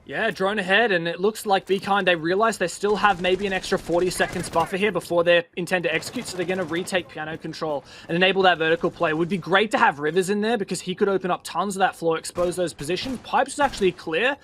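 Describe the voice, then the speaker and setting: A man giving fast play-by-play esports commentary, excitable and bantering with his co-caster. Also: high voice, a little hiss or hum.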